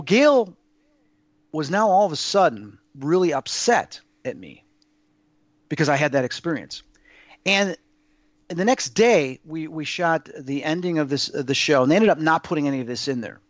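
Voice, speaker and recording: A man telling a personal story as an interview guest, in an awed, halting way with many restarts. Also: a little high, very animated, no room sound, highs cut off.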